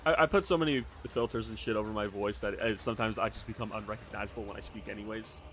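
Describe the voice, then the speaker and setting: A man talking loosely on a livestream, wandering from thought to thought and cursing casually. His voice sits a little low. Faint music plays in the background. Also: fast talker. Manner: rambling, swears casually, reads chat aloud. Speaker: streamer. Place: home hobby room.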